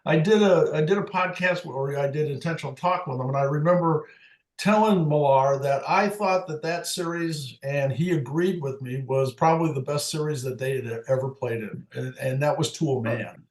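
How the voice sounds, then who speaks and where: Guy chatting about old ballgames, bit high voice, kinda echoey room, lots of stops n restarts. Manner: halting, restarts often, low-key. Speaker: retired umpire guest. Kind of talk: casual storytelling chat.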